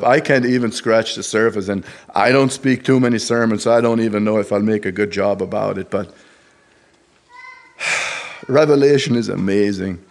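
Earnest plain-spoken man preaching. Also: fairly low pitch. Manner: earnest, halting, plain-spoken, with restarts and rising emphasis on quoted Scripture. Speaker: lay preacher. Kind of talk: sermon. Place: church service.

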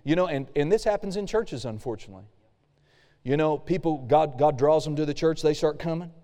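A man's voice: on the high side, brisk, mellow, big-room sound. A male pastor preaching a casual sermon, reading scripture aloud and acting out the quoted complaints.

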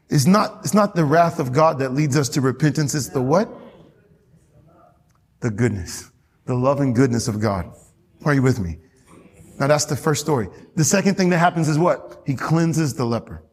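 A man's voice: mid-range voice, animated, normal speed. A man preaching a sermon as pastor, often asking the congregation questions and waiting for their response. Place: church hall. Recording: long hall reverb.

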